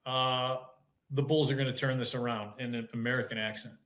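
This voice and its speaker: Bright-voiced playful older man host. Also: medium pitch, fairly even intonation, brisk. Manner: playful, teasing, jokey questions. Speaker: podcast host. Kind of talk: casual interview chat.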